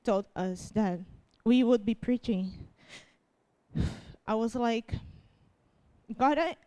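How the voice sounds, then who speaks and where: A young woman preaching a personal testimony, her voice sitting a little high. She speaks slowly and haltingly, tearful and restarting her sentences. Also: fairly even intonation, dark tone. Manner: halting, restarts often, laughs through tears. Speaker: youth preacher. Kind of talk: emotional testimony sermon.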